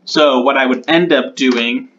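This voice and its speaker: A man talking through his own tutorial, thinking aloud and slowing down as he types out rules. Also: medium pitch, fairly bright tone, highs cut off, a little hiss or hum. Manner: muses aloud, repeats test words, slows down while typing. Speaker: conlang creator.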